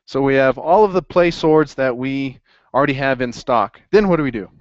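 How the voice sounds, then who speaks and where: A man teaching an accounting class in a lively classroom lecture, quizzing students as he goes. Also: mid-range voice, normal speed, no echo. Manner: upbeat, asks the class questions. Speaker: accounting instructor. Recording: dry, dull lo-fi classroom recording.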